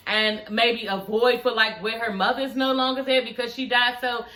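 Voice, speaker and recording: A woman's voice: on the high side, flat delivery, moderate pace, sharp tone, reverberant. A woman giving a casual, blunt recap of a reality show, talking straight to her viewers and swearing freely.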